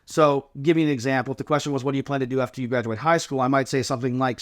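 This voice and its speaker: A man's voice: mid-range voice, fairly even intonation, very fast, hardly any pauses. A man, a drill team coach, casually explaining inspection answers step by step and acting out sample replies. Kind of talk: casual instructional chat.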